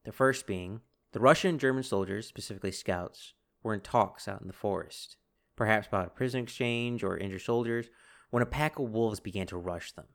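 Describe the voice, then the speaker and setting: Low-voiced man telling history. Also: fairly quick. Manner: animated, acts out quoted soldiers in bursts. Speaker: podcast host. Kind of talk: casual history podcast storytelling.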